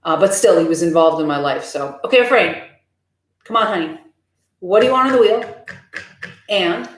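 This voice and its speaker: A woman's voice: mid-range voice, expressive, normal speed, pauses often. A woman live streaming casually, talking candidly and answering viewer comments from a room at home. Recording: roomy echo.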